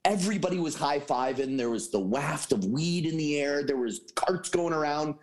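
Man, podcast co-host, animated pitch, casual sports chat, loose swearing storyteller. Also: moderate pace.

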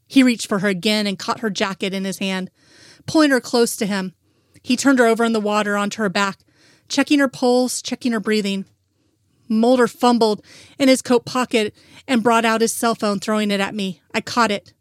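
A woman's voice: on the high side, fairly even intonation, normal speed, dry recording, studio quality. A woman reading a fanfic aloud in first-person narration, with an earnest, emotional delivery.

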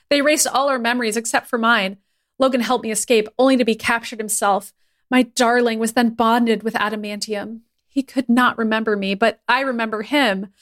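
A woman's voice: mid-range voice, a bit bright. A woman co-hosting a podcast, reading a silly fan story aloud with playful laughter. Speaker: podcast co-host. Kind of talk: comedic reading of fan fiction.

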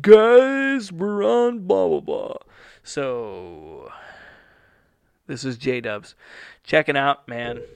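A man's voice: medium pitch, gravelly, fairly bright tone, clean tone, dry recording. A young man hosting a podcast from a studio, rambling casually and swearing now and then. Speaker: podcast host. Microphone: studio microphone.

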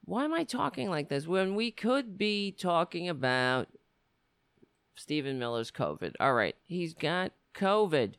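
A woman's voice: on the low side, sing-song, a little slow, slight background noise. A woman delivering a sardonic, rambling comic monologue from the United States. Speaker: comedian. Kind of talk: stand-up style comic monologue.

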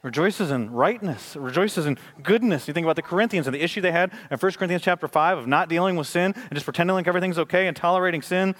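A man's voice: high-pitched, rapid-fire, few pauses, fairly bright tone. Man preaching in a conversational tone. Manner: conversational preaching, rising to emphatic questions. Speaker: pastor. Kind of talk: sermon.

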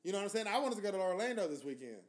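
A man's voice: high voice, very animated, rapid-fire. A man hosting a podcast, telling loose, profane stories in casual chat. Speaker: podcast host.

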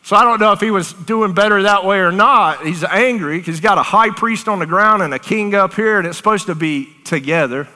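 A woman preaching a charismatic sermon, animated and excited, often laughing between phrases. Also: medium pitch, fairly quick, few pauses. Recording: long hall reverb.

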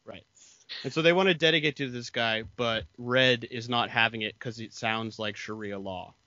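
Bright-voiced man explaining a show. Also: medium pitch, moderate pace, no room sound. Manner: explanatory, retells scenes with quoted lines. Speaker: podcast co-host. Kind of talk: casual chat recapping a TV episode. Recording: dull lo-fi dry mic.

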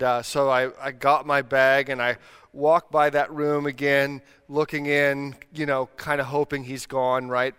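A middle-aged male pastor preaching a sermon in a relaxed, conversational storytelling way, laughing at himself as he goes. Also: mid-range voice, clean tone. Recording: long hall reverb.

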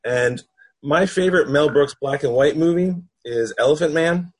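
A man talking frankly about films in a casual podcast conversation, measured and quick to laugh. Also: a little high, breathy edge. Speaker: panel guest.

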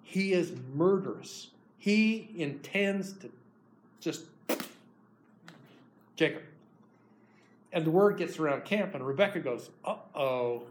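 Animated man telling a sermon story. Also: high voice, slow, pauses often, slight background noise. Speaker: preacher.

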